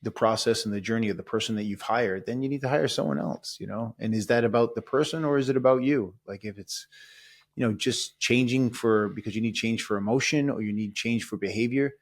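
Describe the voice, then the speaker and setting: A man's voice: on the low side, brisk. A man hosting a podcast, talking earnestly and reflectively about his work as a trainer. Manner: earnest, reflective, lots of affirming murmurs. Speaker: podcast host and fitness trainer. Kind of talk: casual podcast conversation.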